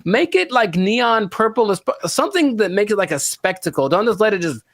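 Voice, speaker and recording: A man co-hosting a casual podcast, rambling and animated with frequent laughter. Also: high voice, fairly quick, vocal fry, no echo. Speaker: podcast co-host.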